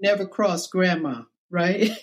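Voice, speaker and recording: Slow-spoken older woman telling her story. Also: on the low side. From South Carolina, US. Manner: slow, reflective storytelling with quoted voices. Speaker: interview guest. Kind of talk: personal storytelling in conversation.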